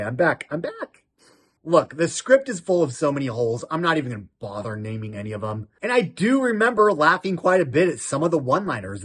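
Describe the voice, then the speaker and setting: A man's voice: a little high, a bit bright, slightly rough. A man hosting a casual film review show, talking in a giggly, self-mocking way and often breaking into laughter.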